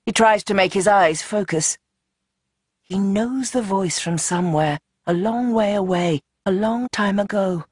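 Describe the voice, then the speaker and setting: Audiobook narrator with a tense, dramatic read and shifting pace; mid-pitched, dry close sound. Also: measured pace, breathy edge, no echo. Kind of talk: scripted narration.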